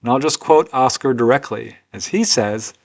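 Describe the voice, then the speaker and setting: Speaking at a moderate pace in a gravelly mid-range voice, a male UFO researcher and author recounts cases in off-the-cuff storytelling, earnest and chatty with personal asides. The highs are cut off in the recording.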